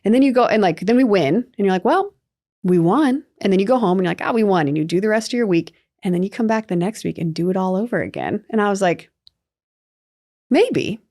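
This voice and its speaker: A young adult woman co-hosting a sports podcast, telling stories in a chatty, animated way with lots of fillers. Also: medium pitch, rapid-fire, hardly any pauses. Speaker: podcast co-host. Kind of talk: casual sports chat.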